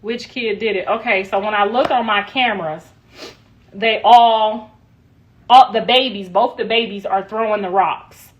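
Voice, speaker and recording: A woman's voice: mid-range voice, fairly even intonation, measured pace, highs cut off. A middle-aged woman chatting casually on a livestream, laughing often, her voice worn out.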